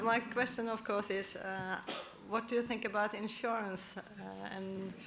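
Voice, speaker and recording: A woman's voice: mid-range voice, little pitch movement, measured pace, hardly any pauses, a crowd in the background. A woman in the audience asking a polite, hesitant question after a talk.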